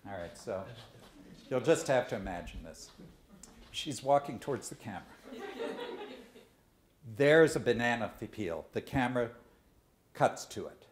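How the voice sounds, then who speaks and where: A man giving a lecture to students, telling stories and jokes at a deliberate pace. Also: mid-range voice, animated. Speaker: guest speaker. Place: lecture hall. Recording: echoey lecture room.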